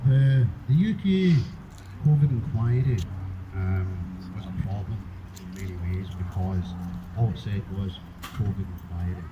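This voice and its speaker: A man giving an impassioned speech at a public rally, emotional and forceful, swearing now and then. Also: lowish voice, unhurried. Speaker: rally speaker. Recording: muffled, with background noise.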